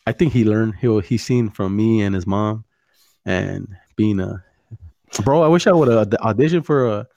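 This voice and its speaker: A man's voice: on the low side, moderate pace, vocal fry, warm tone. A man, hosting a casual chat, swearing a lot and mixing in Spanish slang. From California. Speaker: podcast host.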